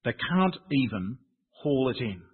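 A man's voice: medium pitch, very animated, measured pace, husky. A man preaching a sermon in a conversational, wry, self-deprecating manner. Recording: tinny phone-like sound.

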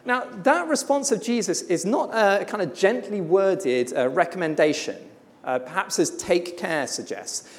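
A preacher delivering a sermon in an emphatic, blunt way, slowing down for weighty pauses. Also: mid-range voice, expressive. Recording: long hall reverb.

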